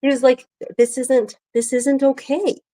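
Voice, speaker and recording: A young adult woman in casual chat, telling a lively story and acting out the quotes. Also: high-pitched, a little slow, rough recording. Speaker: podcast co-host.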